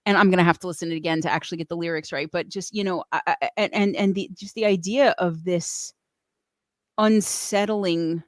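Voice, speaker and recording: A woman's voice: fairly low pitch, steady tone, a little fast, dry recording, studio quality. A middle-aged woman hosting a casual livestream, gushing emotionally and reading chat messages aloud. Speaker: host.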